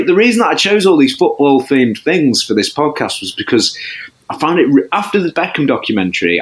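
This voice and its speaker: A man, a podcast guest chatting casually, rambling and self-deprecating with many restarts. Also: mid-range voice. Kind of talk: casual chat.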